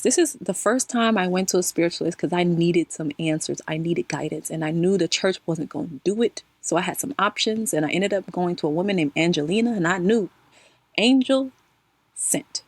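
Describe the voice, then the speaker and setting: A woman with a gravelly, lowish voice hosts her spiritual channel, sharing a personal story in a casual, expressive way. She calls her listeners y'all and laughs often. There's no echo.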